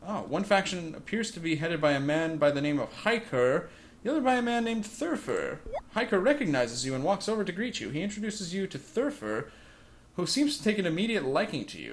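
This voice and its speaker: A man's voice: a little high, a little hiss or hum. A man hosting a let's play, reading game text aloud and musing wryly on his choices. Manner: wry, musing.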